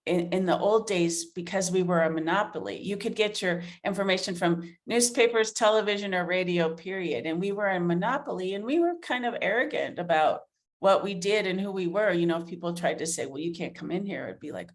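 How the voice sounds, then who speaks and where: A woman's voice: on the low side, fairly quick. A middle-aged woman journalist answering interview questions earnestly, thinking aloud with fillers and restarts. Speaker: author and investigative journalist, guest.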